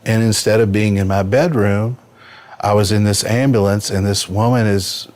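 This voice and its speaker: Deep voiced guy in his 50s, earnest, telling his story on a podcast. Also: fairly even intonation, normal speed, a little mellow. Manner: earnest, vivid retelling. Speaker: podcast guest. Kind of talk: personal story in a casual interview.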